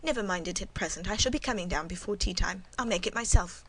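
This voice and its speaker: A woman voicing a composed, guarded middle-aged servant woman in an audiobook, speaking in a cool, measured, demure way. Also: mid-range voice, husky, low-quality recording. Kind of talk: audiobook reading.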